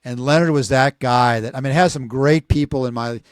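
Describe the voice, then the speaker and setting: A man in his sixties, a podcast co-host telling a long story casually, rambling and animated, acting out what people said. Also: medium pitch, a little fast, clear, resonant tone, no room sound, clean studio sound. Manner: rambling, animated, acts out quoted voices.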